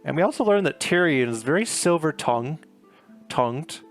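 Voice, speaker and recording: Gravelly-voiced male book reviewer, chatty and loose, with soft guitar bed. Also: fairly high pitch, expressive, moderate pace. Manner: chatty, filler-heavy retelling with paraphrased quotes. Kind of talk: casual book recap.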